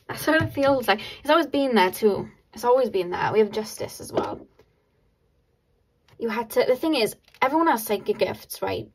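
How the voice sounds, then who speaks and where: A woman giving a casual pick-a-card tarot reading to her viewers, excitable and laughing often between many filler words. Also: fairly high pitch, brisk, rough recording.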